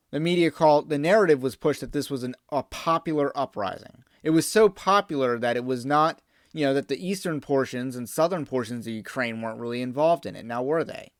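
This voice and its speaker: A man delivers a political commentary monologue with emphatic, opinionated conviction, often wandering off on tangents. His voice sits a little high for a man. The sound is dry and close, with no room echo. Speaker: podcast host.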